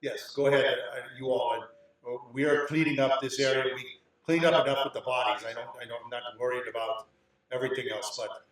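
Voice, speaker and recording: A harried family head in a tabletop game, as a male game master plays him, brisk and worried and used to giving orders. He sounds set back from the mic in a very echoey room. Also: mid-range voice, steady tone, distant mic, slight background noise, natural voice. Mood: earnest. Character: harried grown man, a family head cleaning up.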